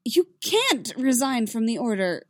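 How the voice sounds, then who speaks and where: A woman voicing an anxious, shaken young man who speaks in halting restarts. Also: very animated, no room sound, studio quality, lightly acted. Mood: insistent. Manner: higher and louder, halting restarts.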